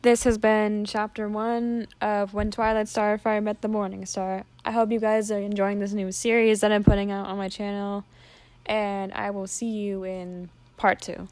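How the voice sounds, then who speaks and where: Woman, fan story narration, earnest, even, dry close sound. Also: mid-range voice, normal speed, smooth, no echo.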